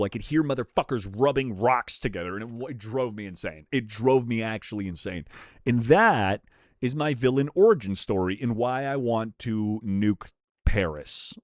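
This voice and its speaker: A man's voice: medium pitch, dry recording, clean studio sound. A young man streaming live, chatting casually with his chat, swearing freely and laughing often. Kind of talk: livestream chat reaction.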